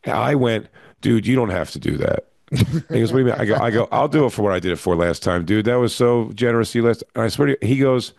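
A man's voice: mid-range voice, quick pace, vocal fry, darkish tone, dry recording, clean studio sound. A middle-aged man, a comedian, telling a long casual anecdote with crude language and acted-out quotes. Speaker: comedian and podcast co-host. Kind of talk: casual storytelling chat.

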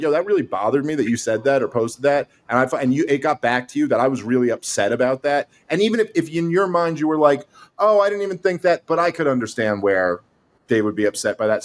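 A man in a heated casual podcast debate, insisting on his point, interrupting and swearing casually. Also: mid-range voice.

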